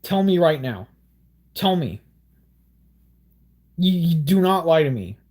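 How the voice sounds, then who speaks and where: A young man giving excitable, rambling gameplay commentary with exaggerated outbursts. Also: a little high, takes it slowly. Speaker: gaming YouTuber.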